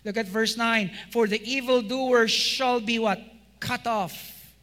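A male pastor preaching a sermon, asking rhetorical questions and swinging between loud emphasis and quiet, low endings. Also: fairly even intonation, slow pace. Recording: long hall reverb.

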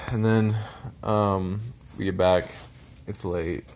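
A young man venting in a personal vlog, frustrated and bitter, swearing constantly and sometimes trailing off into low mutters. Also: steady tone, drawn-out words, a little mellow, a little hiss or hum.

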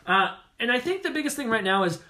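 Bright-voiced man rambling about a film. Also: very high-pitched, sing-song, fast talker. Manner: rambling, repeats words while thinking. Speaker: podcast co-host. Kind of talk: casual movie-review chat.

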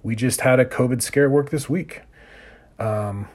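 A man's voice: mid-range voice, normal speed, a little mellow. A man in his thirties hosting a solo podcast, ranting in a profane, exasperated way. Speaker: podcast host.

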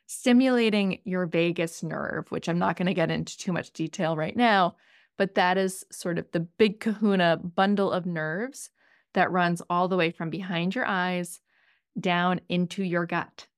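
A woman podcast co-host and parent, gently walking listeners through calming exercises in a casual chat. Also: lowish voice, unhurried, dry recording, clean studio sound. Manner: gentle, instructive, sing-songy with kids' exercises.

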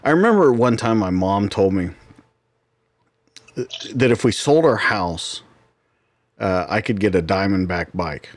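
A man in his forties hosting a casual chat, self-deprecating and quick to laugh. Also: fairly low pitch, lively intonation, no echo. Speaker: show host.

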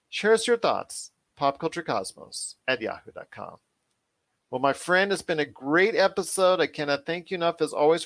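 A man hosting a pop culture podcast in energetic, rambling casual chat. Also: fairly high pitch, no room sound. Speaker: podcast host.

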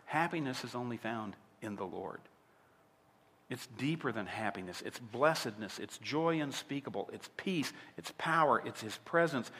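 A man's voice: medium pitch, fairly bright tone, in a large hall. A man preaching a sermon as a pastor, emphatic and asking his listeners direct questions. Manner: emphatic, asks the audience rhetorical questions.

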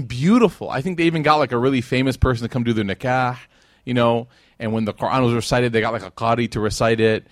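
A man's voice: medium pitch, dry recording, clean studio sound. A man giving a religious lecture to a live audience, conversational and joking, acting out the people in his stories. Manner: conversational and joking, with animated quoted voices.

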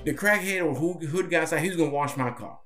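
A man's voice: fairly high pitch, quick pace, a bit bright, faint music behind. A man co-hosting a podcast, telling stories in casual chat and laughing often. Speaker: podcast co-host.

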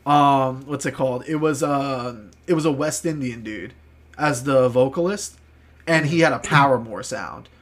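A man's voice: mid-range voice, moderate pace. A man telling a rambling story on a podcast, full of filler words and swearing. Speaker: podcast co-host. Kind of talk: casual chat, storytelling.

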